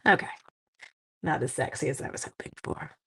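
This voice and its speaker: Slightly hoarse chatty woman live-streaming. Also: deep voice, fairly quick, a little hiss or hum. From Canada. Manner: chatty, self-mocking, talks to viewers while working. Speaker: papercraft live-stream host. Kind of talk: casual live-stream chat while crafting.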